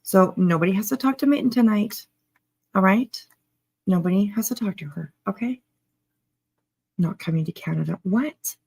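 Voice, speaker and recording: Creaky-voiced sarcastic woman. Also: medium pitch, moderate pace, pauses often, a little mellow. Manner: sarcastic, chatty, greets viewers. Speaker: commentary streamer. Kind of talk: casual live commentary.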